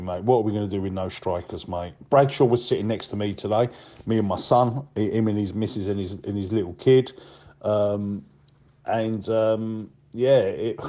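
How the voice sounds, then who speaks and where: A man's voice: fairly low pitch, dark tone. A man leaving a voicemail, ranting bluntly and with frustration, swearing and saying mate often.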